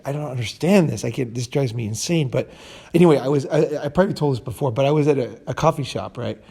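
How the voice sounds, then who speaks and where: A man's voice: medium pitch, vocal fry, dark tone, husky. A man hosting a casual podcast chat, talking bluntly and rambling, often restarting his sentences and swearing. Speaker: host.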